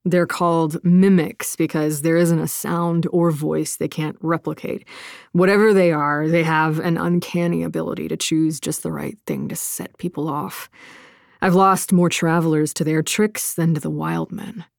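A woman reading an audiobook voices a blunt, dismissive male mountain guide in a slightly lowered voice. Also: fairly even intonation, normal speed, creaky, dry recording, clean studio sound. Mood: grave.

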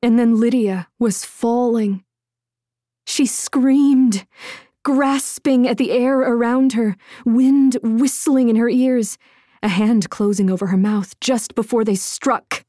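Woman reading a fantasy story out loud, slow and dramatic, dry. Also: a little high, fairly even intonation, dry recording. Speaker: audiobook narrator. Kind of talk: scripted narration.

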